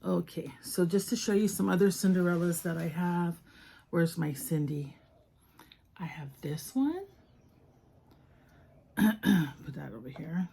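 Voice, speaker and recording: A woman chatting casually while unboxing toys, soft-spoken and gushing, often dropping to a whisper. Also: on the low side, unhurried, gravelly, long pauses, breathy edge. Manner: gushing over each toy. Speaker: toy collector vlogger.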